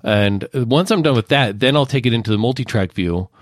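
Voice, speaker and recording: A man working as an associate producer, calmly walking through his podcast editing process step by step in a casual chat. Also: mid-range voice, brisk, no room sound, studio quality. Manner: detailed, methodical step-by-step explaining.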